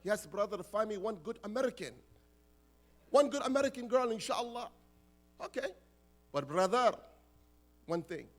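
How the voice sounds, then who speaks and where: A man's voice: high voice, expressive, normal speed, pauses often. A man voicing an eager immigrant man asking for help finding a wife, in a pleading, deferential tone.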